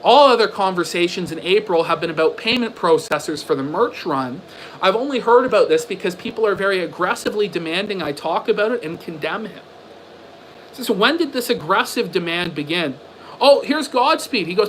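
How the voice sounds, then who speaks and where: A livestream commentator rants in a high-sitting, animated, fairly bright voice, talking fairly quickly. He's combative, sarcastic and profane, firing off repeated rhetorical questions, and the rough recording carries a little hiss or hum.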